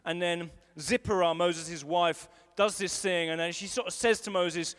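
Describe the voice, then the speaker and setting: A man's voice: high voice, fairly even intonation, a little slow, hardly any pauses, fairly bright tone, clear, resonant tone. A man preaching a sermon in a conversational way, driving points home by repeating them, at a live service in a large hall. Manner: conversational, emphatic repetition.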